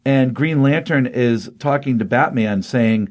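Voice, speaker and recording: A man's voice: mid-range voice, fairly even intonation, normal speed, few pauses. A man co-hosting a casual podcast, retelling a comic book story with enthusiasm, lots of fillers and loose paraphrased quotes. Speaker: podcast co-host recapping comics.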